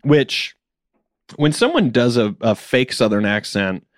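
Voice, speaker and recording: A man's voice: mid-range voice, very animated, measured pace, dry recording. Rambling young man, dry close sound. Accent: General American. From South Carolina, US. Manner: rambling, self-interrupting, laughs often. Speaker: stand-up comedian guest. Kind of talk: casual podcast chat.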